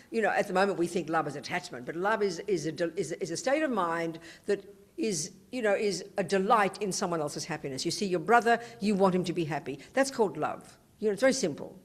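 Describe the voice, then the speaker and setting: A woman teaching Buddhism to an audience, talking in an emphatic, conversational way and often adding "you know". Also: fairly low pitch. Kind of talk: dharma talk to an audience. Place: teaching hall.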